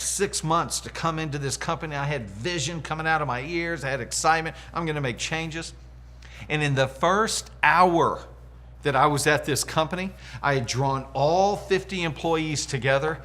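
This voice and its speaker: A middle-aged man teaches leadership in a lively motivational talk. His voice sits a bit high for a man, and he acts out what people said as he tells his stories. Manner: animated storyteller acting out quotes. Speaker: leadership coach.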